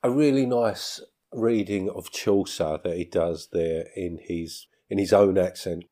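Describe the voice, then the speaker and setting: A man's voice: sits low, a little slow, warm tone. An English man hosting his podcast in a casual, self-mocking monologue, chuckling often. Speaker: podcast host.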